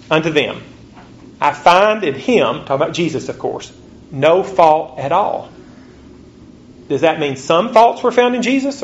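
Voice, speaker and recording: Preacher, slow scripture reading. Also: male voice. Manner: reads scripture slowly, rising pitch on rhetorical questions. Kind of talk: sermon. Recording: dull lo-fi recording with faint ambience.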